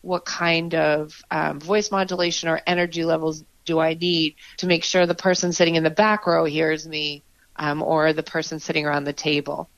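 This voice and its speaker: Woman, podcast guest, low, earnest and reflective, muffled dry recording. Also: flat delivery, moderate pace, no room sound. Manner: earnest, reflective, with frequent "um"s and restarts. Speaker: podcast guest, improv performer. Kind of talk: conversational interview.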